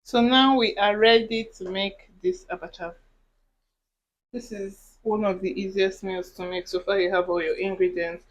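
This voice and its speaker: A woman's voice: mid-range voice, steady tone, moderate pace, poor audio. A woman from Nigeria hosting a cooking vlog, chatting casually to viewers as she prepares a dish in her home kitchen. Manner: chatty, talks while cooking, asides to viewers. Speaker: cooking vlogger.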